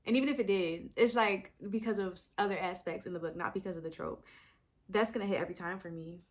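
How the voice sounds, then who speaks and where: A woman's voice: medium pitch, fast. A young woman, talking casually to the camera as a book vlogger, thinking aloud with sudden exclamations. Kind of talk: casual chat.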